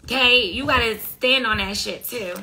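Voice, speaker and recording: A woman's voice: fairly high pitch, normal speed, bright, forceful tone. Blunt, profane woman tarot reader. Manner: blunt, profane, scolding slang. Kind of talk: casual live tarot reading.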